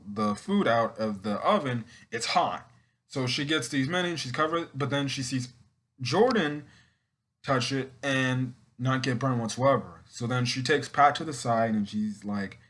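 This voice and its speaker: A man talking casually through a TV episode recap in a loose, rambling way. He restarts sentences, corrects himself and slips into quick acted-out quotes from the characters. His voice sits at an ordinary middle pitch. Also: a bit bright. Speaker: TV episode reviewer.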